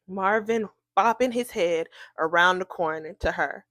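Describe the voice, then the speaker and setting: A woman telling a storytime tale in an animated, incredulous way, acting out the people she quotes. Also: lowish voice, a little slow, hardly any pauses, no room sound. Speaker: storytime vlogger. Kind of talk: casual storytime.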